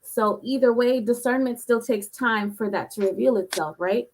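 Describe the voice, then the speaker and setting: A woman in a casual podcast debate with a somewhat high voice. She presses her point insistently and restarts her sentences as she argues. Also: normal speed, a little hiss or hum. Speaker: podcast co-host. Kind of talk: casual discussion.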